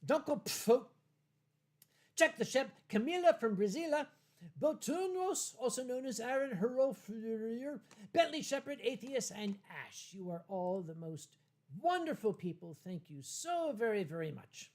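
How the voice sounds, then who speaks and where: A tipsy man hosting a casual livestream from home, rambling and halting through viewer comments with many fillers and restarts. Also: extremely high pitch, animated. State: tipsy from wine. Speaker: livestream host.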